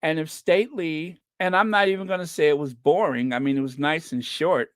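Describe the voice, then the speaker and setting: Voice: medium pitch, fairly quick, dry recording, studio quality. A livestream host reading the chat in a casual, chatty way, laughing often and stretching out repeated no's.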